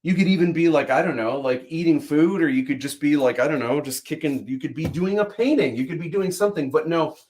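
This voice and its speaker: A man hosting a livestream, chatting casually, rambling through animated opinions full of fillers and restarts. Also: on the high side, brisk, hardly any pauses. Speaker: livestream host. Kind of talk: casual chat.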